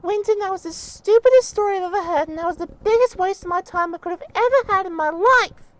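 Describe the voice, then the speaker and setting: A man's voice: very high-pitched, quick pace. A man voicing a cranky, impatient young girl puppy who talks in a snappy, scornful way.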